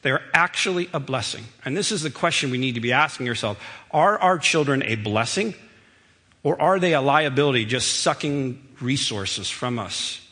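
A man's voice: mid-range voice, lively intonation, normal speed, bright, forceful tone. A middle-aged man giving a sermon to a congregation, telling family stories in a conversational, emphatic way. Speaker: preacher. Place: church sanctuary. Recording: long reverb of a church hall.

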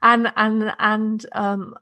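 A woman's voice: mid-range voice, flat delivery, extremely slow, pushed and bright. A woman hosting a spiritual podcast, chatty and enthusiastic, laughing often. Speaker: podcast host. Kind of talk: casual spiritual conversation.

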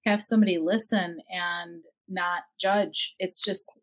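A woman's voice: fairly low pitch, steady tone, unhurried. A woman hosting a podcast interview, responding to her guest with affirming, empathetic comments. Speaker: podcast host.

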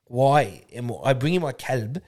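A man's voice: mid-range voice, unhurried. A man co-hosting a podcast, telling stories in casual banter with joking exaggeration. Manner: animated storyteller, jokey exaggeration. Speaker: podcast co-host.

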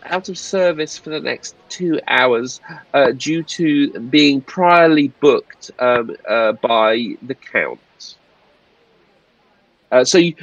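A man's voice: fairly high pitch, no room sound, highs cut off, pitched above the performer's own voice. A man voicing Philpott, a fussy, fretful male cruise entertainment officer who rambles and apologizes.

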